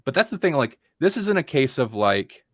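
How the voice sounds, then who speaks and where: Recorded in a clean studio with no echo, a very animated man at medium pitch talks at normal speed. Co-hosting a podcast, he reviews a film in loose, rambling conversation, frequently restarting and mocking actors with dull put-on voices.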